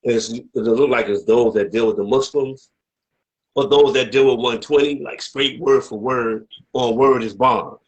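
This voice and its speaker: A man's mid-range voice, steady and moderately paced, comes through poor audio as he casually interviews an elder. He rambles, dropping frequent "you know what I mean" asides, before pressing his questions emphatically.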